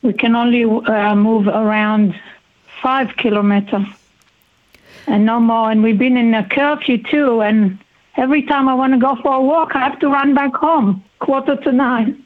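A woman speaking as a guest in a phone-in radio interview, halting and heartfelt, with many pauses. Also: fairly high pitch, steady tone. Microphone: telephone. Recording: tinny phone line.

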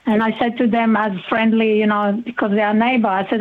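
A woman talks slowly and heartfelt, pausing often as she searches for words. Her somewhat high voice comes through a tinny telephone line. She sounds like a phone-in guest on a radio show. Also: flat delivery. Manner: halting, heartfelt, slow with many pauses.

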